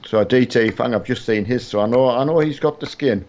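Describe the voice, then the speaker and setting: A middle-aged man chatting on a live game stream in a rambling, hesitant way, full of fillers and false starts. His pitch sits in an ordinary middle range. The audio is dull and lo-fi. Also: a little fast, a little mellow, a little hiss or hum. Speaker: streamer playing a truck game with his son. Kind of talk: casual live-stream chat.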